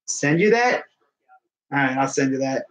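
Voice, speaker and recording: A man's voice: medium pitch, expressive, moderate pace, rough recording. A young man doing casual play-by-play of a baseball video game, chatty, laughing often and talking to someone off-mic. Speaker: fan commentator.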